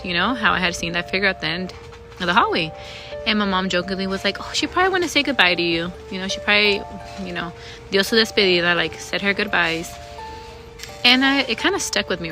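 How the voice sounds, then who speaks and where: A woman's voice: medium pitch, rough recording. A young woman telling a frightening personal ghost story, casually and with lots of swearing. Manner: swearing, rambling, frightened retelling. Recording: music bed underneath.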